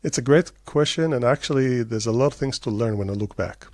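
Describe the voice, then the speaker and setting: A middle-aged Israeli man, a startup CEO, answering interview questions with lively stories, quick bursts and many fillers. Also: mid-range voice, dry recording, clean studio sound.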